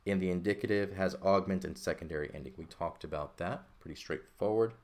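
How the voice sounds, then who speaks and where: A man with a very low voice teaches a language lesson at an unhurried pace. He explains each point patiently, often checking that his students are following along, and corrects himself openly when he misspeaks. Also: a little mellow. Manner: explanatory, checks in with "okay" and "right"; thinks aloud, self-correcting. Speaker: Greek teacher.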